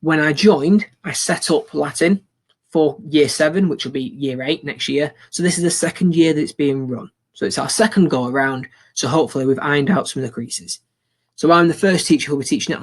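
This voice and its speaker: A young man teaching a recorded school lesson, upbeat and encouraging, repeating phrases for learners to copy. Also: a little high.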